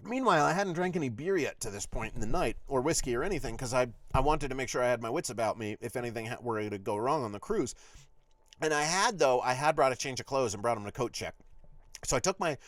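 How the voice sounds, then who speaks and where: Man, podcast host, rambling storytelling, swears a lot, mid pitch, dry recording. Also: no echo. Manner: profane, animated, rambling.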